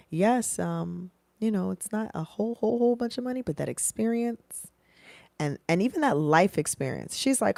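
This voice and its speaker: A woman in her thirties, a professional singer, giving casual, animated career advice to camera. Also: medium pitch, moderate pace, gravelly, no room sound. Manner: animated, acts out dialogue in changed voices.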